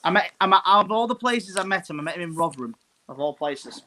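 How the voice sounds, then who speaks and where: High-pitched man from yorkshire, guest on a video call, rambling and restarting, noisy line. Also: animated, fast, pushed and bright. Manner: rambling, restarting, laughing easily. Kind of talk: casual video call chat.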